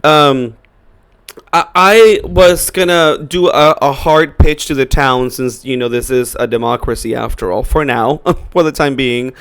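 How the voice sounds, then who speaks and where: A man's voice: mid-range voice, unhurried, a bit bright, smooth. A man co-hosting a podcast, chatting casually in a playful, teasing way and laughing often. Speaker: podcast co-host. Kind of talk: casual chat.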